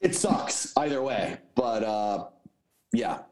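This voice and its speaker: Lively man steering betting talk. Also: lowish voice, takes it slowly. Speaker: sports betting co-host. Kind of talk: casual sports betting chat.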